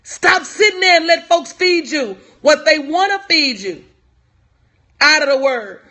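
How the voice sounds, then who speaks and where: A woman's voice: extremely high pitch, expressive, a little slow, sharp tone. A woman life coach giving a motivational talk on a live stream, repeating lines for emphasis and calling out viewers by name. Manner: talks to viewers in chat by name.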